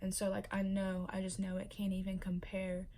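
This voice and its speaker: A young pregnant woman talks in a casual, chatty vlog, full of fillers and easily moved to emotion. Her pitch sits in the middle and her delivery stays fairly flat in melody. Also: moderate pace, slight background noise. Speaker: vlogger.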